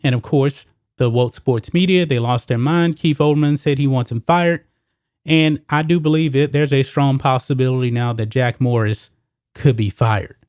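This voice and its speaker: A man hosting a solo sports commentary show, talking emphatically and pushing his pitch up on the points he stresses. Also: fairly even intonation, normal speed, darkish tone, clean tone, no room sound, studio quality.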